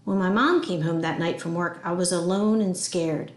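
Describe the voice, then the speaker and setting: A woman reading a children's novel aloud with expressive storytelling. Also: fairly low pitch, normal speed, echoey room. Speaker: audiobook reader.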